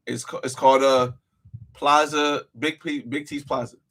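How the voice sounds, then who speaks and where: Gravelly man muttering while editing. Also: medium pitch, steady tone, normal speed, fairly bright tone, slight background noise. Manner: muttering to himself, trailing off. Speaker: travel vlogger editing live. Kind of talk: casual livestream chat while editing.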